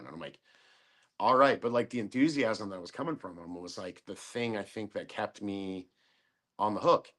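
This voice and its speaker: Middle-aged man, low voice, podcast guest; profane, animated storyteller who acts out quotes. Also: moderate pace. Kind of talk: casual storytelling chat.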